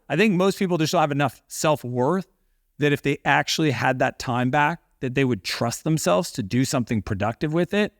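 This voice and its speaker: A man's voice: medium pitch, dry recording, clean studio sound. A man, a business-owning guest on a podcast, talking earnestly and reflectively with frequent fillers. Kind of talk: casual interview talk.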